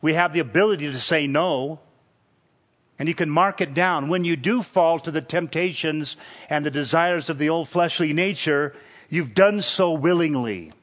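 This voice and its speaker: A man preaching an expository sermon, teaching verse by verse in a measured, emphatic way. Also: on the high side, a bit bright.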